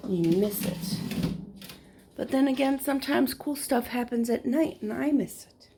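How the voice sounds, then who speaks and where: A woman's voice: on the high side, unhurried, dark tone. A woman talking casually in a rambling, easygoing morning vlog at home by a window. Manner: rambling, easygoing, drifts into whispers. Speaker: vlogger.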